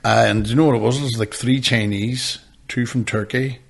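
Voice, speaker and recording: A man cohosting a podcast, telling stories in loose casual chat. He swears freely and acts out his stage bits with energy. His voice sits at an ordinary male pitch. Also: steady tone, a little fast, vocal fry. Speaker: podcast co-host.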